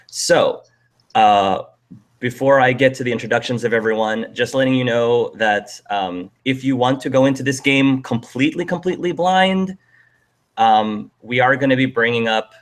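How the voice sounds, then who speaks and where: A man hosting a casual online video panel, talking in a friendly way with plenty of "um"s. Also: lowish voice. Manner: friendly, with frequent fillers. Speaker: host.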